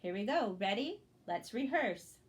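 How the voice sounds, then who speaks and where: A woman guides young children through a reading lesson, speaking slowly and with great patience. Her voice sits a little high, and she keeps checking in to encourage them. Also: big pitch swings. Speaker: teacher.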